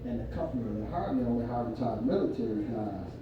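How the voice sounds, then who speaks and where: An older man with a mid-range voice does stand-up at a winery event room before a live audience, spinning folksy stories and laughing at his own punchlines. He's animated and quick, and the lo-fi audio has background noise. The echoey room is recorded from far off, with crowd laughter audible.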